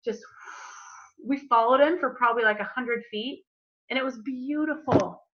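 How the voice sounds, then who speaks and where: A woman runs a live group coaching session in an upbeat, chatty way. Her voice sits a little high and rings bright and forceful. The sound is a bit dull and lo-fi, as on a video call.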